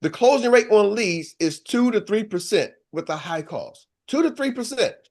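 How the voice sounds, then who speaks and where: An older man coaching a live seminar, talking in a punchy, energetic way and throwing rhetorical questions to the audience. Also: high voice, moderate pace. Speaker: business coach.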